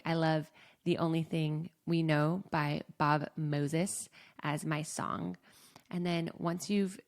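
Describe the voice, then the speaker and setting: A young adult woman, a life coach, calmly guiding listeners through a self-help exercise, often saying "like.". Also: low-pitched, creaky. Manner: calm, slow guiding with frequent "like".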